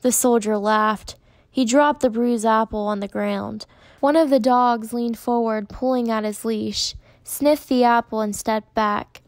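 Lady reading a storybook aloud, calm and steady, dry close mic. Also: on the high side, a little slow, no echo. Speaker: narrator. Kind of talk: audiobook narration.

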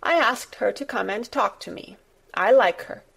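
A woman reading the part of a sickly, demanding young boy in a storybook, a little higher than her narrating voice. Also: normal speed, creaky, a bit bright, slightly rough, full character voice. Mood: imperious. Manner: demanding, petulant.

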